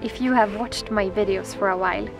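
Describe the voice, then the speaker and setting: A Swedish woman vlogging outdoors on a frozen lake, speaking in a gentle, dreamy, excitable way that sometimes drops softly toward a whisper. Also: medium pitch, fairly quick, over music, poor audio. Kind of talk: casual vlog talk to camera.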